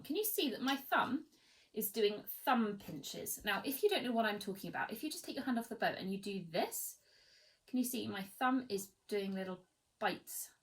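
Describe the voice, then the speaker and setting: Bright-voiced woman teaching violin. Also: medium pitch, rough recording. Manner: encouraging, demonstrative, counts and sings rhythms aloud. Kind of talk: online music tutorial.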